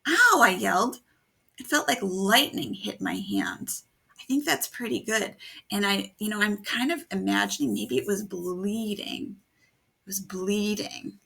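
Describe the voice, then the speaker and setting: A woman writing teacher modeling how to revise a story aloud, thinking out loud and animated as she reads lines from the draft. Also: medium pitch, a little slow, creaky, husky.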